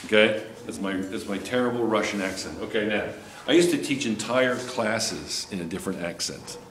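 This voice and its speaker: A man's voice: lowish voice, moderate pace, fairly bright tone. Joking male chemistry teacher, echoey classroom. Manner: joking, teasing students. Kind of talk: classroom lecture. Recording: echoey classroom with faint background noise.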